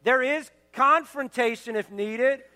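Pastor, male, very high and bright, earnest exhorting sermon delivery, long hall reverb from the church sanctuary. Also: slow pace. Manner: earnest, exhorting, building to emphatic declarations.

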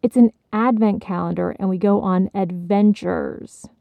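A woman voicing an excitable, bossy little girl who talks with emphatic indignation in a storybook reading. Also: mid-range voice, a little slow, vocal fry, dry recording, narrow, tinny audio.

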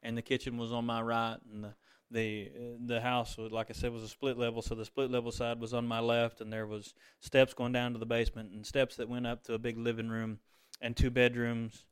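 Fervent preacher with a smooth voice. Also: male voice, medium pitch, little pitch movement, fairly quick. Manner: swings between fervent exclamations and quiet, tender storytelling. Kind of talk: sermon.

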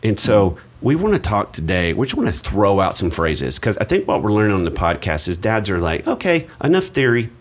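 Middle-aged male podcast host, very deep, easygoing and self-mocking. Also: a little fast, hardly any pauses. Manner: relaxed, self-deprecating, chatty. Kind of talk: casual podcast chat.

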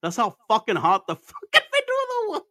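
A man's voice: very high voice, huge pitch swings, moderate pace, sharp tone, no room sound, studio quality. A man telling stories in casual chat as a podcast host, laid-back and profane, laughing often and mixing Spanish into his English.

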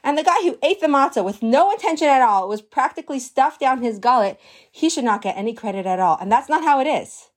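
Animated, higher-pitched woman teaching a Torah lesson. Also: fast talker. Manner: animated, conversational storytelling. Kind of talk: storytelling religious lesson.

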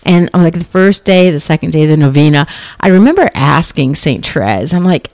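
A woman's voice: deep voice, animated, a little fast, a little mellow, dry recording. A middle-aged woman hosting a podcast, telling a personal story in an earnest, chatty way full of fillers and restarts. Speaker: podcast host.

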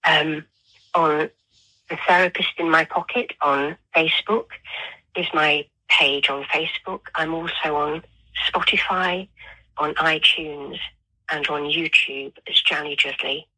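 A woman author and therapist, a guest in an interview, reading her own poem in a slow, soft, measured way. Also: sits low, steady tone, breathy edge, low-quality recording.

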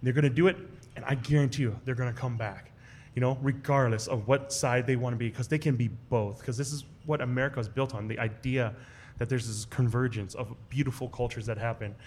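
A man's voice: brisk, slight background noise. A man telling a personal story in a casual way to a live audience at a restaurant event, slipping into the voices of the people he quotes. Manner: animated, acts out quoted voices with big jumps in pitch. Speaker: guest storyteller on a live podcast show.

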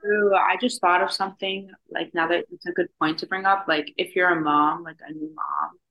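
A young woman co-hosting a podcast, rambling casually with lots of "like" and animated storytelling. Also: fairly low pitch, moderate pace, highs cut off. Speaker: podcast co-host. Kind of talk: casual chat.

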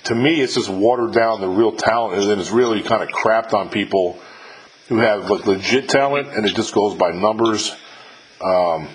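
A man's voice: lowish voice, moderate pace, a little hiss or hum, poor audio. A middle-aged man hosting an interview podcast, chatting loosely and swearing freely, with lots of fillers and restarts. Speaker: podcast host interviewing a musician. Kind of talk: casual chat.

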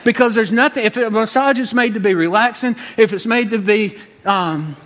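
High-voiced man telling a story. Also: normal speed, a bit bright, big-room sound. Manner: folksy, exasperated, drawling. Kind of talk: comic storytelling.

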